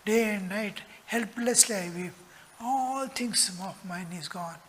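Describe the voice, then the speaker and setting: Slow earnest monk in echoing hall. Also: male voice, high-pitched, fairly bright tone, a little hiss or hum. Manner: slow, earnest, dropping to whispers. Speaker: monk teacher. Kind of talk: spiritual discourse. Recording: long hall reverb.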